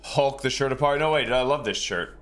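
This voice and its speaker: A man's voice: mid-range voice, fairly quick, a bit bright, soft background music. A game streamer, a man, chatting casually with his live viewers in a rambling, easygoing way and chuckling often.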